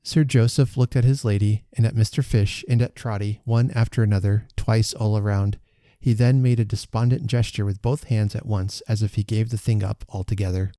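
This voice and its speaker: A man who hosts a podcast, reading a classic story aloud in a calm, measured way. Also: fairly low pitch, no echo, studio quality. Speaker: podcast host reading a book. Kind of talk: audiobook-style narration.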